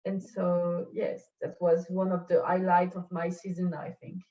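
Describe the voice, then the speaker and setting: A woman with a French accent talks slowly and haltingly, groping for English words as a guest. Her voice comes over a video call and sounds distant and muffled. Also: lowish voice, level tone, mellow. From France. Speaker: podcast guest. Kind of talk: casual interview chat. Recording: distant, dull call audio.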